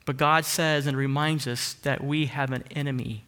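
A man preaching a sermon earnestly, asking rising emphatic questions and dropping into soft hushed asides. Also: medium pitch, fairly even intonation, normal speed, few pauses. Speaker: pastor.

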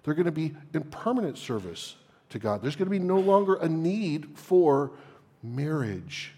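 A man's voice: a little high, sing-song, moderate pace, dark tone, breathy edge, long reverb tail. A man preaching an expository sermon, teaching verse by verse, asking rhetorical questions and stressing key phrases. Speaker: pastor.

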